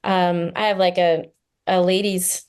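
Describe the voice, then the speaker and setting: A woman's voice: fairly low pitch, level tone, darkish tone, clean tone. A woman therapist speaking as a podcast guest, earnest and chatty with many fillers. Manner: earnest, with frequent fillers and quick laughs. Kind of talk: casual podcast conversation.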